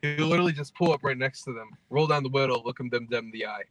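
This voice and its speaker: Young man, podcast host, bright voice, dry close sound, casual laughing stories. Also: medium pitch, rapid-fire, no echo, soft background music. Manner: laughing, profane storytelling. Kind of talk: casual chat.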